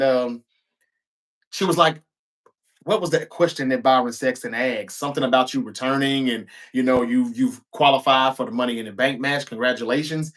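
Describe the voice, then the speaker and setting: A man's voice: mid-range voice, a bit bright. A man in the middle of his register talks through last night's wrestling show in a loose, chatty way. He slides in offhand asides and sarcastic remarks as he retells each scene. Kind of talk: casual recap commentary.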